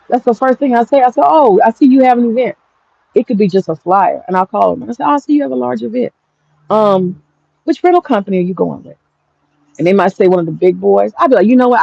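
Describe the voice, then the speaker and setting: Gravelly, blunt woman, profane. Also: mid-range voice, a little mellow, no echo, highs cut off. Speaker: event rental business owner. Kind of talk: candid casual storytelling.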